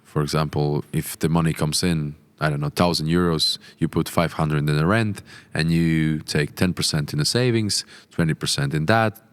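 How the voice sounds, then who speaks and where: A young man with a very deep voice, a Latvian native speaker hosting a podcast. He asks his questions hesitantly, with many pauses and fillers as he searches for words. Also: steady tone, clear, resonant tone. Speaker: podcast host, club co-owner. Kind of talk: interview questions.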